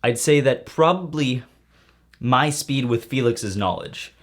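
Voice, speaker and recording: A man's voice: medium pitch, animated, a little slow, a bit bright. A man answering viewer questions in a casual vlog, rambling with goofy jokey asides.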